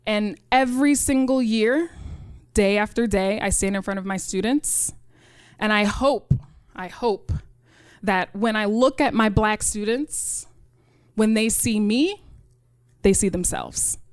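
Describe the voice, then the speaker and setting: A woman's voice: medium pitch, slow pace, smooth, dry recording. A woman in her thirties tells a personal story on stage. She is earnest and reflective and keeps checking in with "right?". Her voice sits in a middle register and comes across dry and close. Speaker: storyteller, chemistry teacher.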